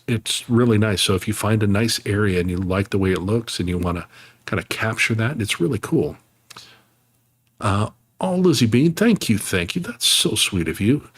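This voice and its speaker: Chatty, low-voiced male streamer. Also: no room sound. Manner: chatty, laughs easily, reads and thanks chat. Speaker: live streamer. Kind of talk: casual live-stream chat while playing a game.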